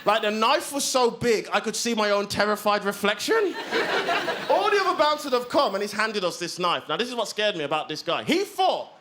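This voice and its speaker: Comic hosting stand-up, chatty and self-mocking, high-pitched, recorded live in a reverberant space. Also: male voice, big pitch swings, brisk, noisy background. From Black Country, England. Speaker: comedy show host. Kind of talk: stand-up comedy.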